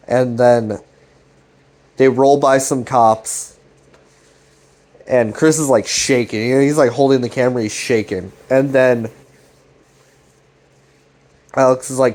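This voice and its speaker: A man's voice: medium pitch, fairly even intonation, a little slow, pauses often, a little mellow. A man casually retelling a web series scene by scene, swearing freely and paraphrasing the characters' lines in a loose, rambling way. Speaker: commentary channel host.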